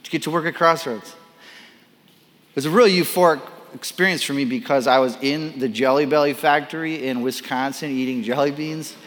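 A male pastor delivers a sermon with a fairly high voice and an animated, playful way of talking. He acts out the voices of the people he quotes and drops self-deprecating asides. The sound carries a long reverb, as in a large church auditorium. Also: normal speed, slight background noise.

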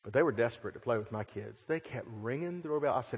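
Middle-aged male preacher, dynamic delivery, mid pitch, long hall reverb. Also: expressive, fast talker, slightly rough, muffled recording. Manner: dynamic preaching, swelling loud then dropping soft. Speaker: pastor. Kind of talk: sermon.

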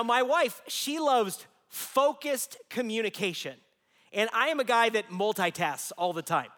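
A man's voice: sits high, bright, forceful tone. A man in his forties preaching a sermon, telling stories with humor and asking rhetorical questions. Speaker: pastor. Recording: long hall reverb.

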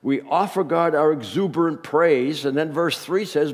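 A man preaching a sermon with a head cold, talking in an animated, emphatic way and often restarting his phrases. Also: a little high, moderate pace, few pauses. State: congested with a cold. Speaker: pastor. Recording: long hall reverb.

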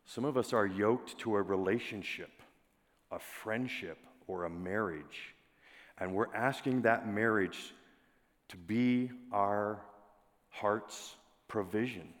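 A man with a fairly low voice preaches to his congregation in an easy, conversational way. He keeps asking the listeners questions as he goes. His voice carries a long reverb from a large church hall. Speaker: pastor. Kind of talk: sermon.

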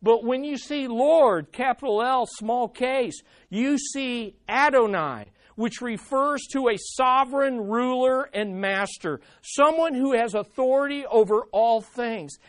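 A pastor preaching a sermon in an animated way, acting out desperate pleas. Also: mid-range voice, slow pace, few pauses, dry recording.

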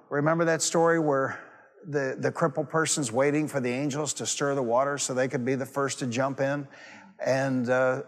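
A man's voice: medium pitch, in a large hall. A man preaching a sermon to his congregation. He tells stories and repeats phrases for emphasis. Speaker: pastor.

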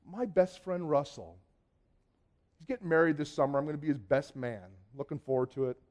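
A man from Canada, telling a personal testimony in a lively storytelling way, acting out dialogue and often restarting his sentences. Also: fairly high pitch, brisk. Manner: lively, acts out dialogue, frequent restarts and repeated words. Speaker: speaker giving a personal testimony.

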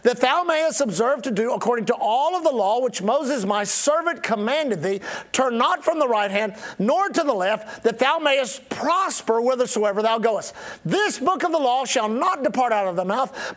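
A middle-aged male pastor preaching a sermon, stressing words through repetition and dropping suddenly to a quiet voice. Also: very high-pitched.

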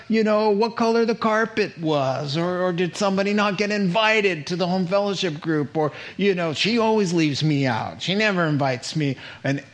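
Preaching with lots of energy, this middle-aged man serves as pastor, voicing quoted lines in character and lifting his pitch whenever he poses a rhetorical question.

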